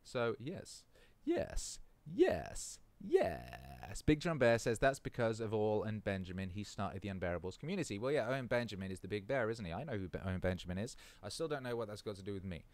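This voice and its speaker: A man's voice: lowish voice, lively intonation, quick pace, hardly any pauses, no echo. A man hosting a casual live stream, reading out chat comments in a laid-back way and swearing freely.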